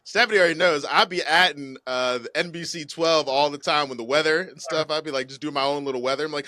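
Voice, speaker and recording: A man co-hosting a casual podcast, joking and animated as he spins stories. His voice is bright and forceful, a little higher than most men's. The sound is dry and close. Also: quick pace, hardly any pauses, no room sound. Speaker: podcast co-host.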